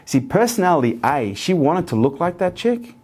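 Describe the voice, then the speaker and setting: A man's voice: a little high, very animated, moderate pace, darkish tone, husky. A man talking earnestly in an interview, telling stories with lots of repetition. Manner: earnest, storytelling, repetitive phrasing. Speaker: interview guest. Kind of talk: motivational interview talk.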